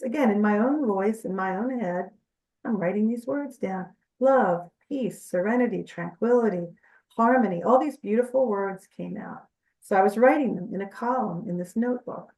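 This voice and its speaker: A woman's voice: on the high side, moderate pace, darkish tone, distant mic. A woman guest in an interview, telling her experiences and explaining in an earnest, chatty way. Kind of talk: conversational interview storytelling. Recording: echoey room, off-mic.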